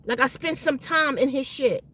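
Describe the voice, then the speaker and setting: High-voiced woman telling a story. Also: moderate pace, a bit bright, a little hiss or hum. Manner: slangy, repeats and restarts words, acts out quoted voices. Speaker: channel host. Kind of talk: animated personal storytelling.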